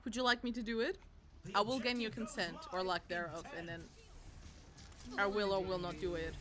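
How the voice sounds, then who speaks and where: A young woman streaming a game, chatting casually and goofing around with squeaky sung bits and silly voices into a desk mic. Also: fairly even intonation, a little fast, a crowd in the background. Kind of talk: casual livestream chat while gaming.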